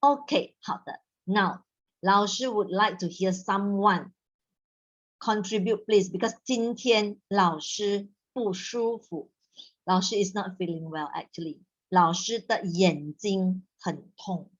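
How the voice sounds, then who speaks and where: A woman teaches a language class in a patient, instructive way, sometimes slowing right down to model the sounds. Her pitch sits in the middle of the usual range. The audio is slightly dull and lo-fi, like an online call. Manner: instructive, mixes in Malay words, models tones slowly. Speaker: Mandarin teacher.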